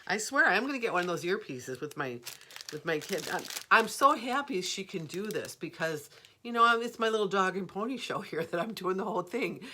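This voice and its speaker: A woman's voice: mid-range voice, expressive, fairly quick, sharp tone, slight background noise. A middle-aged woman hosting a live jewelry sale, chatting, rambling and laughing easily as she shows each piece. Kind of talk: live shopping stream chat.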